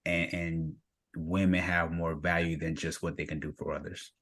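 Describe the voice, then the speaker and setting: A man hosting a talk show interview, calm and affirming as he reflects on a guest's story. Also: low voice, normal speed. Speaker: host.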